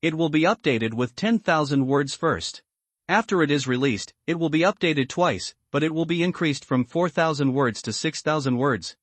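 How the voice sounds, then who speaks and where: A man reading a translated comic story aloud as a recap narrator, in a steady, even manner. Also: on the high side, moderate pace, no echo.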